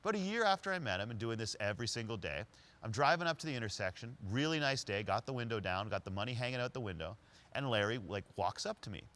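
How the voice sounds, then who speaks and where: Brief: man at mid pitch, leadership speaker telling a story, animated and vivid. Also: quick pace. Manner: lively storytelling that acts out quoted voices. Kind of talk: storytelling talk.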